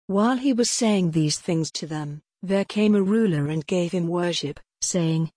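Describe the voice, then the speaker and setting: A woman reading scripture aloud in a measured, even way. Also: fairly low pitch, husky, dry recording, clean studio sound. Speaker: scripture reader.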